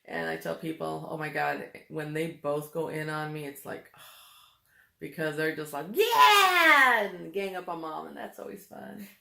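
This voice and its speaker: A woman's voice: deep voice, level tone, normal speed, gravelly. A middle-aged mother chatting casually and telling family stories, laughing easily as she talks. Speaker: vlogger, mother. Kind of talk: casual chat. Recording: echoey room.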